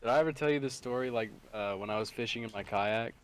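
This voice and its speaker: A man's voice: mid-range voice, fast, a little hiss or hum. Profane young man telling a story. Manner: profane, animated storyteller, laughs through lines. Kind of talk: casual storytelling chat.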